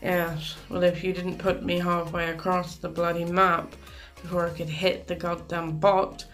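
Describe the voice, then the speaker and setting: A woman's voice: lowish voice, flat delivery, a little slow, fairly bright tone, faint music behind. A woman giving chatty, exasperated commentary over a game she is playing, with plenty of mild swearing. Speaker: gaming commentator. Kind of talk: live gameplay commentary.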